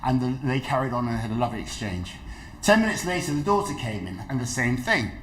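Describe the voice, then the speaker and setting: A man's voice: medium pitch, a little fast. A middle-aged man giving a dementia awareness talk, telling stories and acting out the people in them. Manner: lively storytelling, acts out quoted voices. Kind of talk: health talk to an audience.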